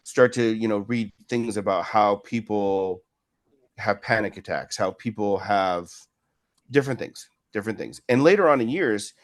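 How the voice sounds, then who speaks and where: A lowish-voiced man in his fifties, working as a martial arts instructor, tells casual, rambling stories at a moderate pace during an interview. "Right?" turns up often at the end of his remarks.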